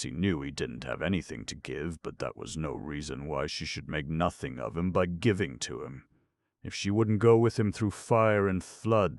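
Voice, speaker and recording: A man narrating a classic novel as an audiobook, in steady storytelling, lifting his voice for the characters' speech. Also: no room sound, clean studio sound. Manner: steady storytelling, raises pitch and volume for quoted characters.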